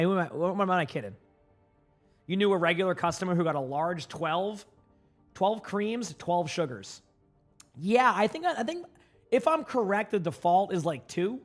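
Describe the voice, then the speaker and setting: Guy from massachusetts chatting with his stream, highish voice, lots of likes and uhs, faint music behind. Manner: rambling, full of filler words, often answers chat. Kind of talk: casual live-stream chat.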